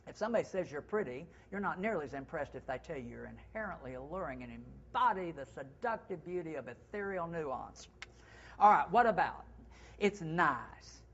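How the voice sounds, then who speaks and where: A man who is a retail consultant, hosting a segment with sales tips in a playful, animated way. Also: on the high side, brisk, muffled recording. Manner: playful, animated, acts out sample phrases. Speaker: segment host.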